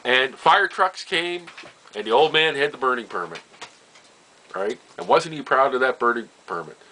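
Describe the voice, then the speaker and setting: In a low-quality recording with slight background noise, an older man from Nova Scotia tells family stories casually. His mid-range voice is animated and sharp-toned at a moderate pace, and he laughs often, chuckles in asides, and trails off repeating phrases.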